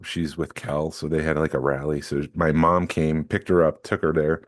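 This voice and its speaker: A man with a very deep voice tells stories in relaxed podcast conversation. His delivery is easygoing and reflective. The recording is dry and close. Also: moderate pace, no room sound. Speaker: podcast co-host. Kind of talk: casual chat.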